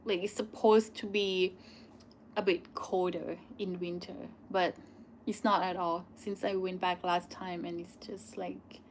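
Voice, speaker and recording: A young Thai woman with a Thai accent, Thai as her first language, hosting a live question-and-answer stream in a loose chatty way with many "like" and "um" pauses. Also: lowish voice, flat delivery, slight background noise. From Thailand. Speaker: channel host answering viewer questions.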